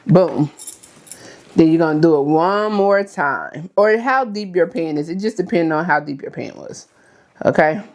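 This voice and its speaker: Chatty woman in her thirties, low voice. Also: lively intonation, a little slow, darkish tone, lo-fi sound. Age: 30s. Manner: chatty, addresses viewers as y'all, frequent okay. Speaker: cooking vlogger. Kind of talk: casual cooking demonstration.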